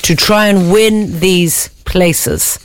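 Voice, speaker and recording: A woman's voice: fairly low pitch, very slow. Upbeat Irish woman co-hosting morning radio. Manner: upbeat, teasing, addresses listeners as "guys". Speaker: radio show co-host. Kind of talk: breakfast radio chat. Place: radio studio.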